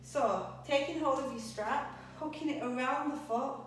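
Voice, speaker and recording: Gentle woman yoga teacher in an echoey room. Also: high voice, normal speed, a little hiss or hum. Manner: calm, gentle cueing of breath and poses. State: slightly out of breath. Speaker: yoga instructor. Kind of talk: guided yoga class instruction. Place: yoga studio. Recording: echoey room, voice a bit distant.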